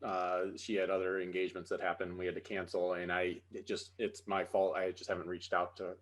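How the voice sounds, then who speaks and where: Easygoing lower-voiced man hosting a podcast. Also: a little fast. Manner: relaxed, hesitant, many fillers. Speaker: podcast host. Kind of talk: casual chat. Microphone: video call.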